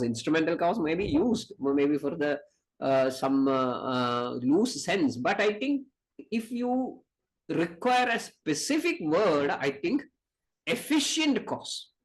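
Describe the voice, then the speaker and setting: A man's voice: high-pitched, poor audio. A man with an Indian accent giving an academic lecture on Ayurveda, speaking emphatically, repeating key points and reciting Sanskrit verses.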